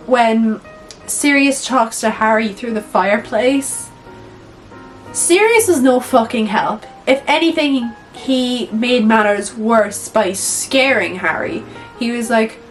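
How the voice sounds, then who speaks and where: A young woman chatting casually in her video, animated and blunt, swearing freely and saying "like" a lot. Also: on the high side, measured pace, faint music behind, low-quality recording. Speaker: YouTuber. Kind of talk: casual movie-ranking chat.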